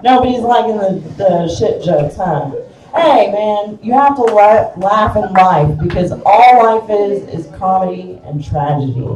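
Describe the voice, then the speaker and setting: A woman's voice: medium pitch, expressive, a little slow, mellow, distant mic. A middle-aged woman with a Kansas accent doing a crude, self-mocking live stand-up set in a small bar. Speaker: stand-up comedian. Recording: echoey room picked up from afar.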